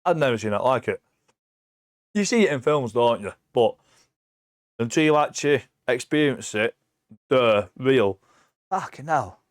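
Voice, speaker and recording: English bloke in his 40s, sweary and lively, mid-pitched, dead dry sound. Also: a little slow, long pauses, no echo. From England. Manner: animated, sweary storytelling. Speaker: podcast guest. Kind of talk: casual chat.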